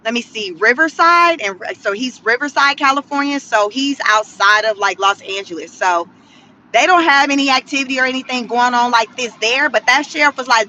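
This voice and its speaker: Woman vlogging in her car, high sharp voice, sassy and animated, laughs a lot. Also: normal speed, a little hiss or hum. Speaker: vlogger commenting on the news. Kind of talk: casual commentary vlog. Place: inside a car.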